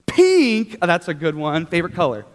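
A young man leading a children's church talk, upbeat and animated, coaxing the kids to join in. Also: on the high side, moderate pace. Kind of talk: children's sermon. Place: large church hall with children. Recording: hall reverb.

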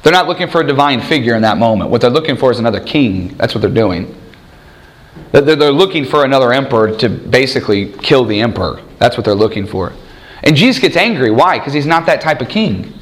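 A man preaching a sermon in an animated way, acting out the people he quotes. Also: mid-range voice, fairly quick. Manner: animated, acts out quoted voices.

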